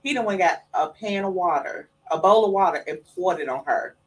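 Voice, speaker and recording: A woman, a guest and mother, telling family stories casually and acting out the voices of others in a raised pitch, in a studio. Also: a little fast, recorded from a distance, low-quality recording. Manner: animated storyteller who acts out quotes in a high voice. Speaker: guest, mother of the late artist. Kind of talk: casual storytelling.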